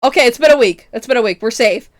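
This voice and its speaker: A woman streamer in casual livestream chat, ranting with lots of swearing and breaking into laughter, loud enough to peak the mic. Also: fairly high pitch, quick pace, no room sound, studio quality. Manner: profane exasperated ranting, often breaking into laughter.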